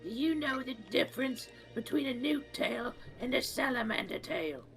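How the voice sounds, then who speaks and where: A man voicing a screeching, cranky goblin alchemist in a tabletop game, gruff and questioning. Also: very high-pitched, lively intonation, normal speed, a bit bright, soft background music, pitched above the performer's own voice, exaggerated voice. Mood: suspicious. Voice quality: screechy, gravelly.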